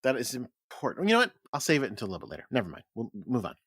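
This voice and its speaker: A man from Connecticut co-hosting a podcast in casual chat, wry and animated, swearing casually. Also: medium pitch, racing, slightly rough, no echo, studio quality. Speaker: podcast co-host.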